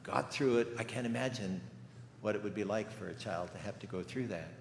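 A man's voice: fairly low pitch, fairly quick, vocal fry, slight background noise. Older man preaching in an echoey church. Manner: storytelling, conversational with rhetorical questions. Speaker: guest preacher. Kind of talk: sermon. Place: church sanctuary. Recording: echoey church hall with faint ambience.

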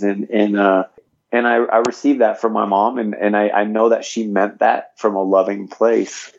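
A man's voice: on the low side, gravelly, a little mellow, highs cut off. A man, a fitness trainer and motivational speaker, telling his own story earnestly as a podcast guest and leaning on "you know" fillers. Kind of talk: personal story in a podcast interview.

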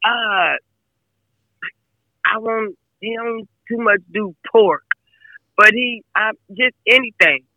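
A woman's voice: fairly high pitch, takes it slowly, long pauses, no room sound, narrow, tinny audio. A woman talking casually as an interview guest about her son, emphatic and fond of repeating herself. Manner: chatty, emphatic, repeats phrases. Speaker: guest, mother of a football player.

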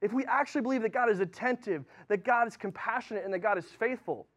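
Casual high-voiced male preacher. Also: fast talker, fairly bright tone. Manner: chatty and informal, lots of fillers and restarts. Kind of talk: casual sermon.

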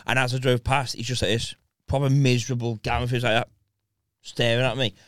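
A man's voice: medium pitch, little pitch movement, a little fast, a bit bright, no room sound, studio quality. A man telling a casual anecdote, chatty and prone to swearing. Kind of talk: casual chat.

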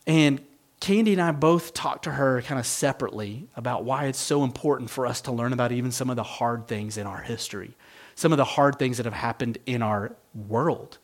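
A middle-aged male pastor delivers a sermon at a moderate, mid-range pitch. He preaches earnestly and reflectively, in a conversational way. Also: moderate pace.

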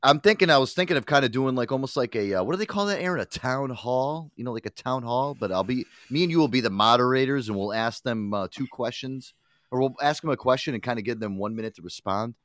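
A man's voice: mid-range voice, quick pace, no echo. A man hosting a casual radio talk show, rambling and swearing as he hypes up a guest. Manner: profane, rambling, excitable promoter talk. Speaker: host.

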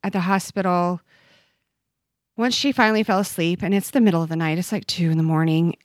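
A woman in her forties, a guest on a podcast, shares a personal story with earnest feeling, often stopping and starting over. Her voice is on the low side with fairly even intonation and a brisk pace. The recording is dry and of studio quality.

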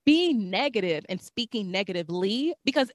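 A young woman hosting a casual chat, telling a lively story and acting out the voices of the people in it. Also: mid-range voice, moderate pace, dry recording, studio quality. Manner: animated, acts out voices in her stories.

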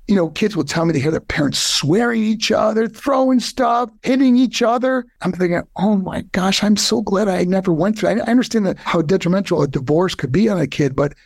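An older man, a podcast guest, telling a heartfelt personal story in an earnest way, his voice climbing high when he is moved. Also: animated, a little fast, gravelly, few pauses, dry recording.

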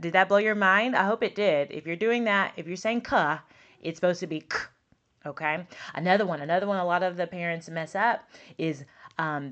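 A woman talks on her podcast in an easy, chatty way, and her voice sits slightly low. She leans on emphasis and repeats words to drive home her teaching points. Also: fairly bright tone, lo-fi sound. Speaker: podcast host, speech pathologist and teacher. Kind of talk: casual podcast talk.

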